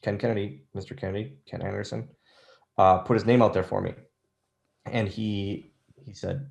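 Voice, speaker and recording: A man's voice: lowish voice, fairly even intonation, moderate pace, creaky, long pauses, darkish tone. A man in his thirties telling rambling, self-deprecating stories as an interview guest, with lots of restarts. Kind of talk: casual storytelling interview.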